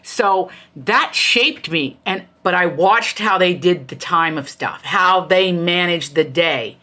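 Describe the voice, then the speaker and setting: A woman's voice: on the low side, animated, slow pace, bright, forceful tone. A middle-aged woman from the United States, an author being interviewed, telling family stories in a passionate, emphatic way. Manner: passionate, emphatic, jumps into quoted voices. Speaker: author and guest. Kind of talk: animated conversational storytelling.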